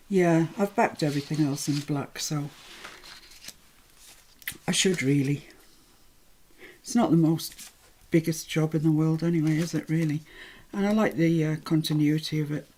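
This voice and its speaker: A woman's voice: deep voice, unhurried, pauses often, mellow, slight background noise. An English woman hosting a live craft tutorial, chatting and thinking aloud as she works, with self-deprecating asides. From England.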